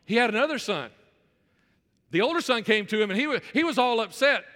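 A male pastor preaching a sermon in church, repeating phrases for emphasis and restarting his sentences quickly. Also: very high voice, expressive, sharp tone, in a large hall. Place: church sanctuary.

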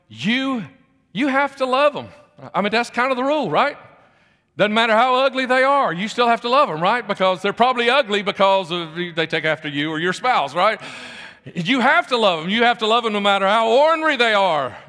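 A man delivers a sermon in a high, bright voice. He talks conversationally, circles back over his phrases and keeps putting questions to his listeners. His voice carries a long reverb, as in a large hall. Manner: conversational, repeats phrases, asks the congregation questions. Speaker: preacher.

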